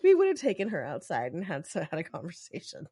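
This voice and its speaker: A woman's voice: on the low side, huge pitch swings, quick pace, mellow, breathy edge, no echo. A woman co-hosting a podcast, chatting casually and rambling with lots of filler words. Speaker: podcast co-host.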